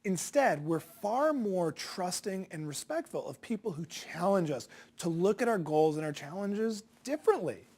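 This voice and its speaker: A man's voice: high-pitched, lively intonation, normal speed, hardly any pauses, a little mellow. A man teaching as a sales coach, talking straight to viewers in a direct, punchy way and firing off rhetorical questions. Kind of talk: instructional talk to viewers.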